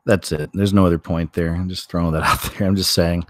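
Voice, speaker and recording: A man's voice: low-pitched, fairly even intonation, fairly quick, hardly any pauses, no echo, studio quality. A man hosting his show, giving casual, rambling commentary on video clips with many filler words. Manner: rambling, lots of "you know" fillers. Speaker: show host.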